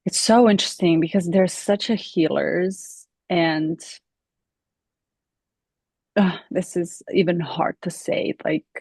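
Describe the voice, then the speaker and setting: A woman co-hosting a casual reflective chat over a video call, speaking in a gentle, contemplative way with slow, searching phrasing. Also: fairly low pitch, fairly even intonation, husky, dry recording. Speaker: co-host.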